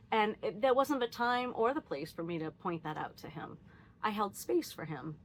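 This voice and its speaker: Woman vlogger, mid-pitched, candid and reflective, lots of self-quoting asides. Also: moderate pace, no room sound. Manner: candid and animated, laughs often, quotes herself; frequent fillers and restarts, thinking aloud. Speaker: vlogger sharing personal reflections. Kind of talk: casual reflective monologue.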